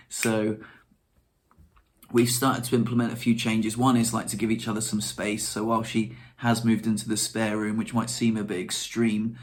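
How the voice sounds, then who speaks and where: A man's voice: lowish voice, monotone, moderate pace, slight background noise. A young man, chatting casually to camera in a rambling, self-deprecating way. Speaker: vlogger.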